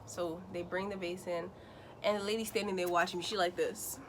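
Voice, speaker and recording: A woman's voice: lowish voice, fairly quick, slight background noise. A young woman telling a casual storytime vlog, acting out the people she quotes. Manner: animated, acts out quotes in other voices. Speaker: vlogger.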